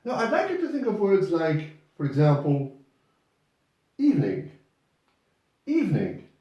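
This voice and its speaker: A male teacher leads a pronunciation lesson, speaking slowly and repeating each word patiently. His pitch is a little raised and swings widely. The sound is distant and very echoey, as if caught from across a classroom. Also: wildly swooping pitch, dark tone, lo-fi sound. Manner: patient, repeats words for students. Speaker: English teacher.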